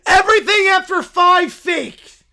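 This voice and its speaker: A man voicing a dim-witted, boastful male bear who speaks in slow, broken caveman-style English. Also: very high-pitched, creaky, sharp tone, pitched above the performer's own voice, full character voice. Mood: insistent.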